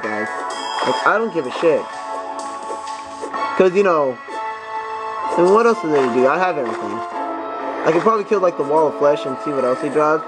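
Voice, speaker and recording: A young man doing profane, excitable let's play commentary, talking back to the enemies on screen. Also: fairly high pitch. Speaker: gameplay commentator.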